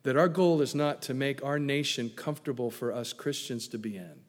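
A man preaching a sermon as pastor, playful and animated, dropping to hushed tones for emphasis. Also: medium pitch, moderate pace. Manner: animated, playful asides with sudden hushed drops. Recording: long echo of a large hall.

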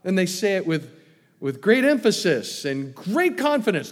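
A man preaching a sermon, asking rhetorical questions and swinging between loud emphatic lines and hushed ones. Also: high-pitched, sing-song, moderate pace, in a large hall. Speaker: pastor.

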